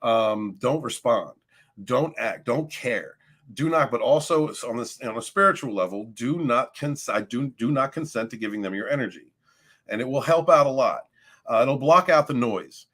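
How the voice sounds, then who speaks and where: A man's voice: mid-range voice, expressive, normal speed, fairly bright tone. A man hosting a casual motivational livestream who talks in a rambling, profane way with many restarts. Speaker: livestream host, abuse recovery talker.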